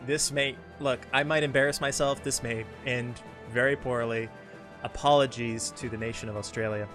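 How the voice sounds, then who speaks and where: Brief: chatty man live-streaming a game, mid pitch, self-deprecating asides. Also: fairly even intonation, moderate pace, a bit bright. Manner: rambling, self-deprecating, many restarts. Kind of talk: casual live-stream chat while reading game dialogue. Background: game music.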